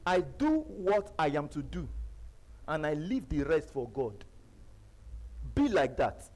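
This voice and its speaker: A man with a Nigerian accent giving a live seminar talk, emphatic and repetitive, jumping between loud bursts and quiet asides. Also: a little high, sing-song, slow, rough recording. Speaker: seminar speaker. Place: seminar venue.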